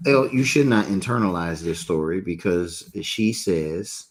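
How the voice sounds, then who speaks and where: A man co-hosting a casual live chat, lively and quick to argue his point. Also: deep voice, a little hiss or hum. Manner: lively, argumentative. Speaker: co-host.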